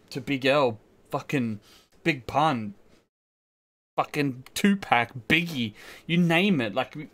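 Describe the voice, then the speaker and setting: An Australian man hosting a reaction video, talking emotionally and casually, swearing a lot and restarting sentences. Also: medium pitch.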